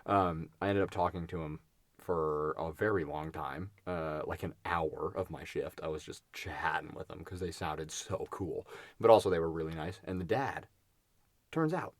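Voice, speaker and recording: A man's voice: deep voice, moderate pace, no room sound. A man co-hosting a podcast, chatting casually and telling a rambling story with frequent laughs and restarts. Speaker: podcast co-host. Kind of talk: casual chat.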